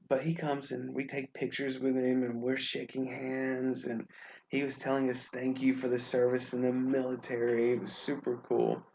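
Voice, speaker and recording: A gravelly, slightly mellow medium-pitched voice belongs to a young Alabama man, an English teacher sharing stories during a casual webinar. He's friendly and chatty with plenty of fillers, and the recording is poor, with a little hiss or hum.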